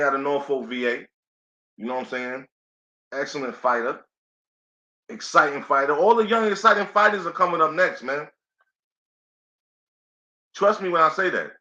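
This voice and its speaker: Male stream host, easygoing and talkative, bright tone, dull lo-fi mic. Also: fairly high pitch, normal speed, pauses often. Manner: laid-back, chatty, says "you know what I'm saying" a lot. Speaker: boxing play-by-play host. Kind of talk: casual live commentary stream. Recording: echoey room, dull lo-fi sound.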